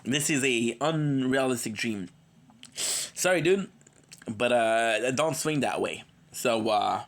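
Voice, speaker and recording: A worn-out man hosts a live gaming stream and chats loosely with viewers he knows by name. He rambles and jokes, slipping in stray foreign phrases, and sounds like a cold is coming on. His voice sits at an ordinary middle pitch. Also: expressive, slow, fairly bright tone. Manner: rambling and playful, drops in foreign words. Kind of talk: casual livestream chat.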